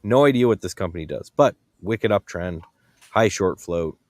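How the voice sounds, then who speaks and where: A man with a very low voice talks through stock charts in a loose, thinking-aloud way. The sound is dry and close, with almost no room in it. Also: expressive, normal speed, dry recording. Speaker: guest trading host. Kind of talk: live trading commentary.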